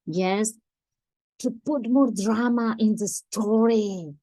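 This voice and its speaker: Slow, patient woman teaching grammar. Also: on the high side, mellow, dry recording. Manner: patient, repeats examples slowly, checks with "Yes?". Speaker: English teacher. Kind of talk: grammar lesson.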